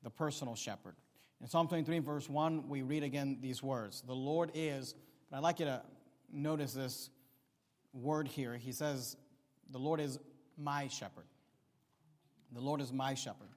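In a church sanctuary with the long reverb of a hall, a man preaches a sermon emphatically, repeating key phrases and growing louder to stress his points. His mid-range voice moves a little slowly, with long pauses.

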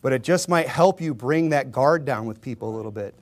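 A man's voice: mid-range voice, fairly quick. A man preaching a sermon in a casual, joking way, acting out doorstep conversations. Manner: self-deprecating humor, chuckles often. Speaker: pastor.

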